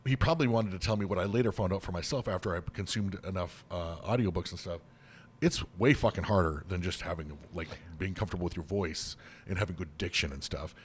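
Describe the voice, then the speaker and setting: A man co-hosts a podcast of casual chat, rambling and cursing freely with lots of fillers and restarts. His voice is low-pitched with a breathy edge.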